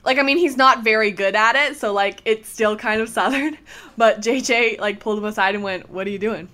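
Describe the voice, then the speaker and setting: A woman's voice: fairly high pitch, normal speed, pushed and bright. A young woman co-hosting a casual podcast, chatty, laughing often and acting out quotes from the show. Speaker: podcast co-host.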